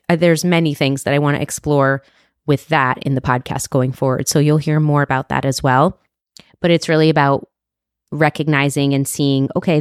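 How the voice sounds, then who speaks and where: Low, smooth-voiced woman podcast host. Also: dry recording, studio quality. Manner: earnest and heartfelt, with restarts and soft laughs. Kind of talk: reflective solo podcast monologue.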